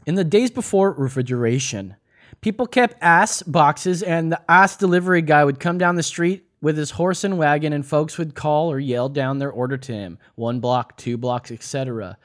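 A man's voice: fairly high pitch, normal speed. A man hosting a quiz game among friends, joking and swearing as he explains answers. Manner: joking, profane, explains at length. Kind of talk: casual podcast chat.

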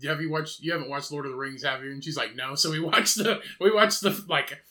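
A young man tells stories on a casual podcast, rambling and swearing freely as he goes. His voice is very bright and sits a little high for a man. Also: fairly quick. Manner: rambling, profane storytelling with laughs. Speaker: podcast co-host. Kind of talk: casual chat.

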